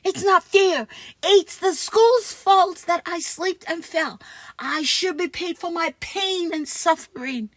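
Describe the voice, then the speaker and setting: A woman's voice: very high voice, slow pace, a bit bright, no echo, exaggerated voice. A woman voicing a scheming, boastful schoolboy in a read-aloud comic, bold and cheeky. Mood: indignant.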